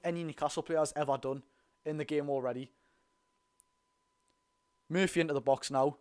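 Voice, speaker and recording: A man's voice: a little high, steady tone, normal speed, pauses often, a little mellow. Blunt Geordie man streaming live football. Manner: blunt, chatty, thanks viewers between reactions to play. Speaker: football watch-along streamer. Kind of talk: live watch-along commentary and chat.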